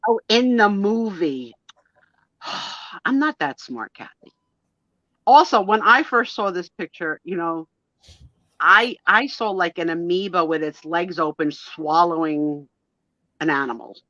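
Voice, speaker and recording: Lively chatty woman host, lo-fi sound. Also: lowish voice, measured pace, pauses often, no room sound. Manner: chatty and playful, with frequent fillers. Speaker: host of a live photo sale and chat. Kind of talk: casual chat. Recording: dull lo-fi online stream audio.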